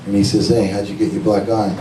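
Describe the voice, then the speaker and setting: A man doing stand-up, telling jokes in a dry, deadpan way and laughing at his own punchlines. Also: on the low side, quick pace. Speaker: stand-up comedian. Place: lounge club stage. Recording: echoey club from far off, noisy.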